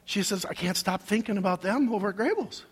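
A high-pitched, husky male pastor preaches with lively, swooping intonation, his voice ringing through a large church sanctuary with long reverb. He tells his story with great emotion, dropping to soft asides and then rising to loud cries. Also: fairly quick, slight background noise. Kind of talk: sermon.

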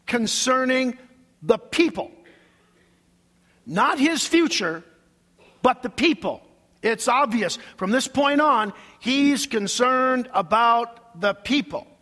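A man's voice: very high voice, pushed and bright, big-room sound. A male pastor preaching a sermon, emphatic and preacherly, leading his congregation in call-and-response.

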